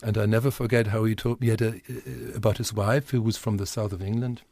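A middle-aged man from Germany, a teacher, telling an anecdote in an interview at a measured pace. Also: fairly low pitch, fairly even intonation, gravelly, darkish tone, no echo. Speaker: guest, teacher. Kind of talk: storytelling in an interview.

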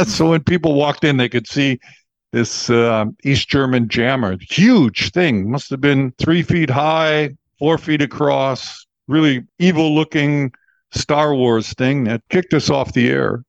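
A chatty American man in his seventies, a veteran disc jockey telling stories. His mid-pitched voice comes through a dry, close recording with slightly dull sound. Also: slow, vocal fry, no echo. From Texas, USA. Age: 70s. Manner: chatty, laughs often, acts out quoted voices. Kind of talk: relaxed interview storytelling.

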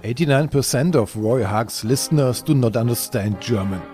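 A man narrates a documentary in a warm, mellow voice. His delivery is measured with a light wry edge. Faint music sits softly in the background. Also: medium pitch. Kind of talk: scripted narration.

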